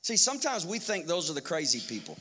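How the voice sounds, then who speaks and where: A male pastor preaching a sermon in an animated style, firing off rhetorical questions and acting out quotes. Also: fairly high pitch, quick pace, breathy edge. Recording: long hall reverb.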